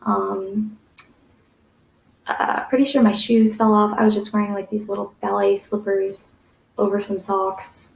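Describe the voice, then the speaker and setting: A woman's voice: mid-range voice, flat delivery, measured pace, creaky. A young adult woman telling a personal story to camera, rambling with many fillers and restarts. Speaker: vlogger. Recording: echoey room.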